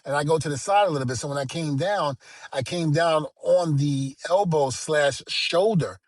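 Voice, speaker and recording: A man's voice: fairly high pitch, normal speed, no echo. A middle-aged man co-hosting a podcast, telling stories in a playful, casual way and acting out the dialogue. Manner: storytelling, playful, acts out quoted dialogue. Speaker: podcast co-host.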